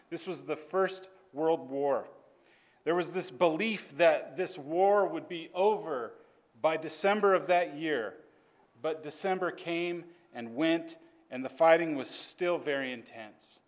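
A man telling a story to a class in an earnest, measured way. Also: fairly high pitch.

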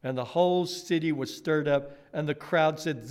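A man preaching a sermon, retelling scripture with lively storytelling and speaking directly to children. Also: on the high side, normal speed, few pauses, smooth. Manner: animated storytelling, addresses kids directly.

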